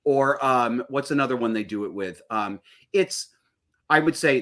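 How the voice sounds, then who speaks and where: A middle-aged man with a bright, forceful voice who rants bluntly and swears freely. He talks like a podcast guest in loose, casual chat, and his pitch sits in the middle for a man. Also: moderate pace. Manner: blunt, profane, ranting.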